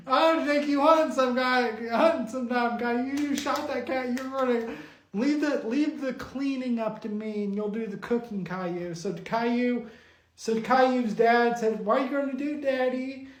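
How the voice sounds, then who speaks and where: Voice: medium pitch, a little slow, a little hiss or hum. A rambling storyteller who giggles and trips over words in a middling voice. The voice echoes around a roomy space. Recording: roomy echo.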